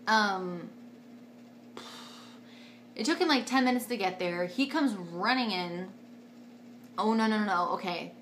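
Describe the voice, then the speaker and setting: Bright-voiced young woman telling a story. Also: a little hiss or hum. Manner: animated, acts out quotes with big jumps in pitch and loudness. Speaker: vlogger. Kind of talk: casual storytelling to camera.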